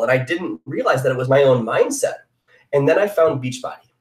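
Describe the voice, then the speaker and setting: A young man from the Chicago area sharing a personal story in an earnest, confessional, emphatic way, as a motivational speaker on a live online hangout. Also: on the high side. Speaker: motivational speaker, former fitness coach. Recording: roomy sound from a distant mic.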